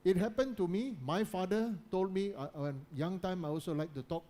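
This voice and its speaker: Man giving a soft-spoken motivational talk. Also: high-pitched, normal speed. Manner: repetitive, keeps checking in with listeners. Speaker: guest speaker.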